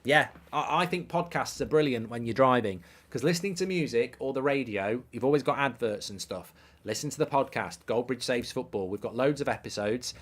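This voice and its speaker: Man, middle-aged, football stream host, brash, jokey, opinionated, medium pitch. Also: expressive, a little fast. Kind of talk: live-stream football chat, reading viewer comments.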